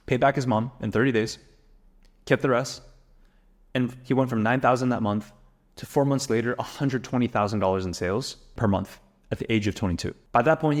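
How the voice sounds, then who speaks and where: Fast-talking energetic man coaching. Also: medium pitch. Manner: energetic, emphatic, rhetorical questions. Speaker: business coach. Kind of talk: motivational teaching to camera.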